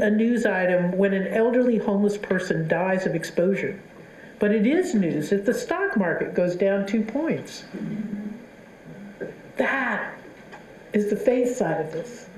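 A woman's voice: mid-range voice, darkish tone, a little hiss or hum. A woman giving an impassioned public speech to an audience, telling stories earnestly as a Catholic advocacy speaker. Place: university lecture hall. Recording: echoey hall recording.

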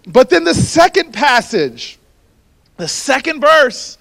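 Animated high-voiced male storyteller. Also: slow pace, creaky. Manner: animated, building to shouts, then hushed and earnest. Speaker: speaker addressing a university audience. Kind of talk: storytelling speech.

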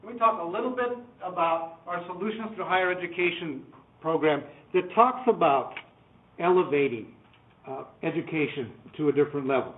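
A middle-aged man giving a public lecture as a board president, telling folksy anecdotes with wry humor and halting restarts. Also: on the high side. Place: lecture room. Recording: far-off echoey hall on a tinny lo-fi line with faint noise.

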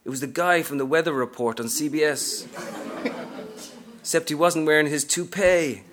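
A man's voice: a little high, moderate pace, crowd noise, pitched above the performer's own voice, lightly acted. A man reading aloud from a novel, narrating as a brash, streetwise aging woman hustler in a sassy first-person style.

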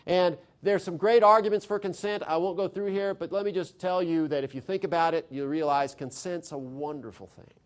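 A man lecturing an audience on constitutional theory in a lively, conversational way, often putting questions to the listeners. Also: sits high, fairly quick, few pauses, clean tone.

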